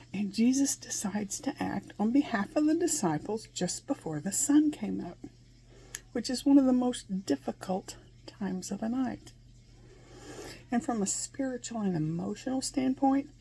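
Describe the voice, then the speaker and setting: A woman's voice: mid-range voice, creaky, warm tone, breathy edge. A woman giving an earnest, conversational Bible lesson, asking her listeners questions and laughing between points. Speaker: Bible teacher.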